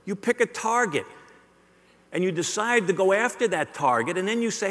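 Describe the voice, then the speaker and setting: Animated keynote speaker, middle-aged man, playful and rhetorical, recorded with a long hall echo. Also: sits high, normal speed. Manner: animated, joking, rhetorical, works the audience. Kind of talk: live motivational keynote. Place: large hall with a live audience.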